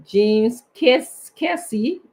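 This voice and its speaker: Co-host calmly reading names. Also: male voice, extremely high pitch. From Liberia. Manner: warm, unhurried, stumbles over names. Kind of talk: live show, reading out viewer names.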